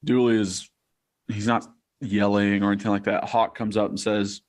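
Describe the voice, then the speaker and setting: A young man co-hosting a podcast, telling locker-room stories in a lively, casual way and swearing freely. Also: fairly low pitch, moderate pace. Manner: storytelling, animated, swears freely. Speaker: podcast co-host, former player. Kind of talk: casual chat.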